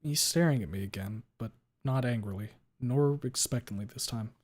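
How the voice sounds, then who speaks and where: A man's voice: mid-range voice, normal speed, darkish tone. A man streaming a first-person story read-aloud, who occasionally stops to reread a line he stumbled on.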